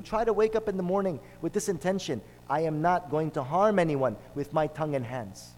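A man's voice: high voice, fast talker, darkish tone, a little hiss or hum. A man preaching a sermon, telling a story and driving points home with repeated phrases. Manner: storytelling, emphatic with repetitions. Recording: long hall reverb.

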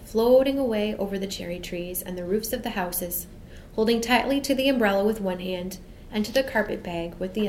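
A woman narrating a children's storybook aloud in a measured, expressive reading voice. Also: mid-range voice, a little hiss or hum, rough recording. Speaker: audiobook narrator.

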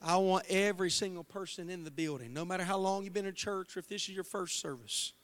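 A male pastor preaching a passionate sermon in a church, moving from hushed words to shouts, with a Midwestern American accent. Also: high voice, fast. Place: church sanctuary.

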